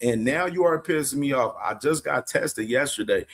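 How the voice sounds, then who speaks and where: A man's voice: medium pitch, expressive, normal speed, breathy edge. A man hosting a boxing news show, casually commenting on clips, laughing often and swearing bluntly. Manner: laid-back, laughs a lot, blunt with profanity.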